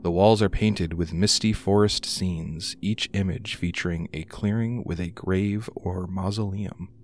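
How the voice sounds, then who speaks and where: A man's voice: low-pitched, steady tone, measured pace, a little hiss or hum. A man narrating as game master, reading room descriptions with frequent "uh" hesitations.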